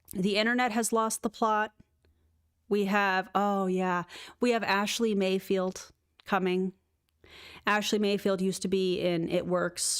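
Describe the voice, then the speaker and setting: A woman's voice: medium pitch, clean tone, no echo, clean studio sound. A woman hosting a livestream, reacting with sarcasm, laughter and chatty asides. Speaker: YouTube commentary host.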